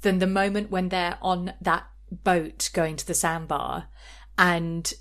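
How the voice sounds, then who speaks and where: A woman co-hosting a chatty podcast, her voice sitting on the low side for a woman. She talks in a loose, gossipy way and tends to burst into little acted quotes of the people she discusses. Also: steady tone, slow, a bit bright. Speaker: podcast co-host. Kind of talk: casual pop-culture chat.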